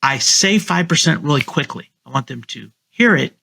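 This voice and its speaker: A middle-aged man with a gravelly, husky voice and a bright, forward tone. He talks casually but confidently, coaching listeners and acting out the lines he uses on clients. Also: animated, normal speed. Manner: confident, coaching tone, acts out his sales pitch. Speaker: guest real estate agent. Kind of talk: casual podcast interview over a call.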